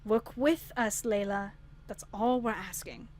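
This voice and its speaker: A woman's voice: medium pitch, a little slow, darkish tone, natural voice. A woman reading aloud as a formal, firm female manager handing down a reprimand. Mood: stern.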